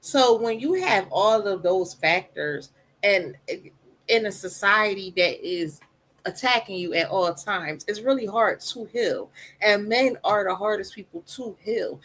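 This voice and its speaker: A woman speaking candidly on a podcast about her own life, emphatic and animated, with a soft voice. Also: mid-range voice, measured pace, slight background noise, low-quality recording. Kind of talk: candid personal storytelling.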